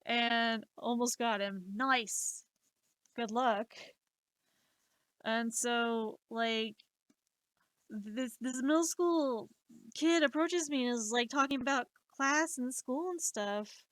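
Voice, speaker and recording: A woman in her late twenties telling stories on a live stream, animated and exasperated, swearing freely. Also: on the high side, takes it slowly, no room sound. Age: 20s. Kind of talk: casual storytelling.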